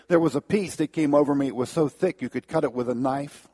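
A man's voice: a little high, a little fast, hardly any pauses, darkish tone. A middle-aged man giving an earnest personal testimony to an audience, with his voice swelling at the key moments.

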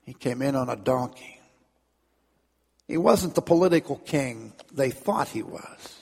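A man's voice: mid-range voice, expressive, measured pace, creaky, a little mellow, husky, long reverb tail. A man preaching a sermon in a storytelling manner, often repeating words and acting out crowd voices. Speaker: pastor.

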